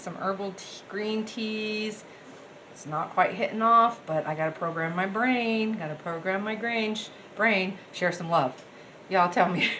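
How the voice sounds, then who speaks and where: A woman chats to her viewers in a bubbly, rambling way while she cooks at home. Her voice sits at an average pitch. A faint hum of background noise lies under the kitchen talk. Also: lively intonation, measured pace, fairly bright tone. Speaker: cooking vlogger. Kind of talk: casual chatty cooking vlog.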